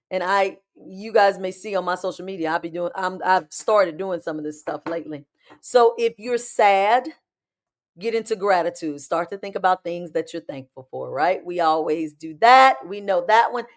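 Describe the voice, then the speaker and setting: Chatty woman hosting a spiritual talk. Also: fairly low pitch. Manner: chatty and emphatic, calls listeners "y'all" and "baby"; acts out inner voices in quick asides. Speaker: host of a spiritual live show. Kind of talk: casual spiritual talk to viewers.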